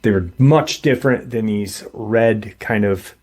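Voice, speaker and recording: A man retelling a paranormal encounter story in a halting, conversational way, full of pauses and restarts. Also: on the low side, a little mellow, breathy edge. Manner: halting, many fillers and restarts; conversational, quotes others in plain voice.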